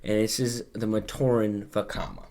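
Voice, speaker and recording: A man's voice: on the low side, flat delivery, normal speed, a little mellow. A man hosting a podcast, recapping in casual chat and rambling, with plenty of filler words and swearing. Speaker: podcast host.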